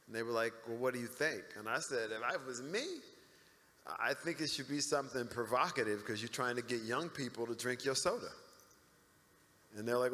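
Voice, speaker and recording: Middle-aged male panel guest, bright animated storyteller, big hall echo. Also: medium pitch, fairly quick. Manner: animated storyteller acting out quoted people. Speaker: interview guest. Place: large convention hall. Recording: reverberant hall.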